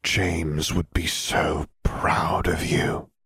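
A man voicing a cold, calm male dark wizard who speaks in a soft whisper. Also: rumbling low, extremely slow, creaky, breathy edge, dry recording, clean studio sound, full character voice.

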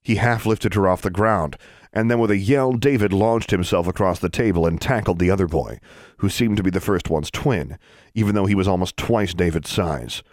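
Deep-voiced male audiobook narrator, animated pitch, dry studio sound. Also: moderate pace, no echo. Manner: expressive storytelling.

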